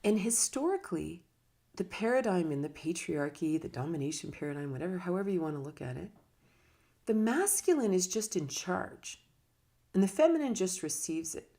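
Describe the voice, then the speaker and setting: Speaking at normal speed in a low-ish, dark, animated voice, a woman yoga and meditation teacher reflects casually on her teaching. Her pitch swoops around as she gestures with her hands, with occasional laughs.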